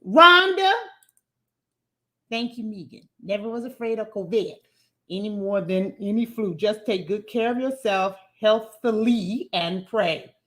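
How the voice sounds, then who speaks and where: A woman hosts a casual call-in livestream talk show, speaking emphatically and folksily and repeating words as she builds a point. Her voice is mid-range, expressive, and fairly bright, and her pace is a little slow.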